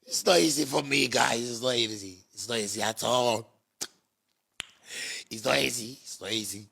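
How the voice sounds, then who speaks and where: A Ghanaian man with a gravelly voice puts on a melodramatic, self-pitying woman, whining in a sing-song and repeating his phrases. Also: mid-range voice, normal speed, a bit bright. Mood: mock grief. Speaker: musician mocking a critic. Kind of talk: mocking impersonation monologue.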